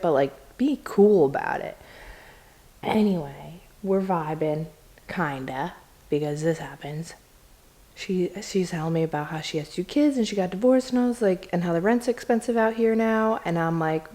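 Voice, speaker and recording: A woman's voice: moderate pace, darkish tone. A young adult woman telling a story in a casual vlog, chatty and profane, acting out quoted lines. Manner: chatty, swears a lot, acts out quotes in a higher voice. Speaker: vlogger.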